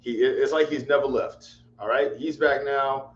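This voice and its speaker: Heard through a dull lo-fi mic in an echoey room with a faint hum, a man hosts a casual livestream chat. His voice is medium-pitched and steady at normal speed as he rambles and exasperatedly says things over again.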